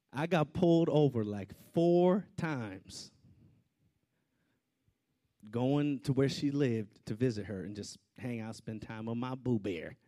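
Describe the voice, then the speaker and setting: A man preaching a storytelling sermon, swinging between loud outbursts and hushed asides. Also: mid-range voice.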